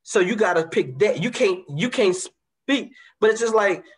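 A man's voice: high voice, lively intonation, unhurried, slightly rough. A man from Baton Rouge with a Louisiana accent, talking passionately in a casual conversation and repeating words as he builds his points. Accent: Southern US, Louisiana. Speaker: guest.

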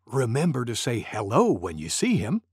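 A man reading a storybook aloud to young children, expressive and gentle. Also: medium pitch, normal speed, slightly rough, no room sound. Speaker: storybook reader.

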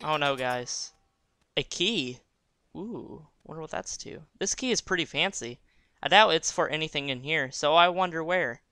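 A man's voice: on the high side, animated, normal speed, pushed and bright, clean tone, dry recording. A young man giving casual gameplay commentary, joking and thinking aloud as he reads the game text. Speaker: let's play gamer.

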